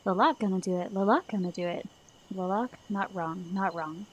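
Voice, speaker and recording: A woman's voice: mid-range voice, normal speed, dull audio, slight background noise, close to an everyday voice. Woman putting on a muttering mad old shaman. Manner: third-person speech, stammering, hushed muttering.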